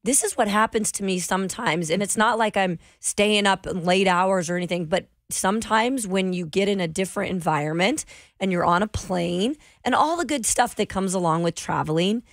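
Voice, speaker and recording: Female co-host, hoarse raspy voice, chatty and cheerful, mid pitch, dry sound. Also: moderate pace, no echo. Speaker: radio co-host. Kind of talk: casual sports radio banter.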